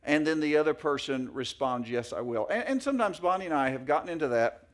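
Folksy preaching man, fairly high voice. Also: animated, fast. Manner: folksy, anecdotal, many fillers and restarts. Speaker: pastor. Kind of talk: sermon.

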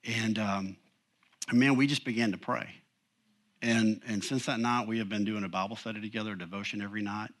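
A man's voice: on the low side, fairly even intonation, brisk, a bit bright. Male pastor, 40s, conversational sermon delivery, emphatic, folksy asides. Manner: conversational, emphatic, frequent "you know".

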